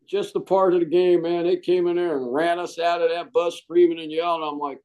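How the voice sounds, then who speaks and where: A man from the United States, a Marine veteran, telling his story in a casual interview, animated, loose, dropping "man" into his sentences and restarting often. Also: fairly high pitch, a little fast, clear, resonant tone, poor audio.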